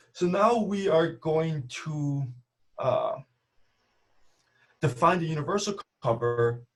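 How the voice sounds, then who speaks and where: A man giving a math seminar talk over a video call, explaining step by step and often checking in with "right?". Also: a little high. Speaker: math speaker.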